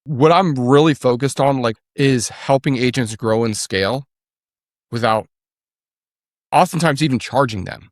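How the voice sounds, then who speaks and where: A man's voice: mid-range voice, unhurried, no room sound, studio quality. A man speaking as a podcast guest, explaining his work in a direct, matter-of-fact way. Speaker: podcast guest, agency founder. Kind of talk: casual interview chat.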